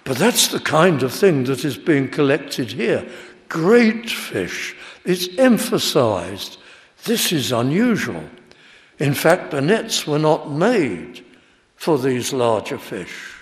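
Slow, deliberate preacher in a reverberant hall. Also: male voice, mid-range voice, sing-song. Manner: slow, deliberate Bible exposition with rising emphasis. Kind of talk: expository sermon.

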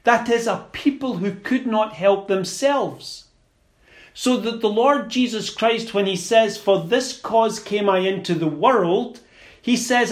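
A man preaching a sermon in a slow, deliberate and emphatic way, with small stumbles and repeated words. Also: high voice.

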